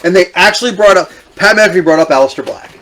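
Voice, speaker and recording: A man's voice: high voice, fast talker, fairly bright tone, a little hiss or hum. A man co-hosting a wrestling podcast in casual chat, retelling stories with lots of quoting. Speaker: podcast co-host.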